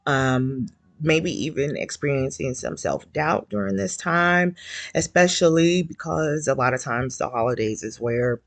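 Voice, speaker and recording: A man's voice: on the high side, vocal fry, no room sound. A man hosting a casual livestream from his couch at home. He sounds nervous, his voice is shaky and he fills his talk with many ums. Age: older adult. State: shaky voice from nerves. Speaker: host of a fan support livestream.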